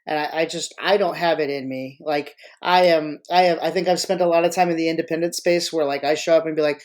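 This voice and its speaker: A freelance marching arts choreographer who also hosts a live podcast chats casually, rambling, joking, and cutting themselves off with many restarts. Their mid-range voice stays fairly even as they talk fast, hardly pausing.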